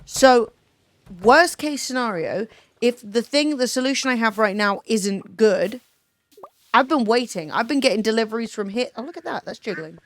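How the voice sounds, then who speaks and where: A woman's voice: a little high, expressive, normal speed. A young woman streaming a farming game, talking casually with chat, swearing freely and reading comments aloud.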